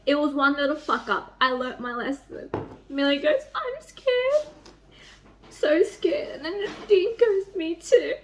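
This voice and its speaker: A young woman vlogging at home about a book she is reading, reading passages aloud and reacting with excited squeals and swearing. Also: measured pace, slight background noise. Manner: gushing and excitable, swings into high squeals and swearing. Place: home, near a microwave.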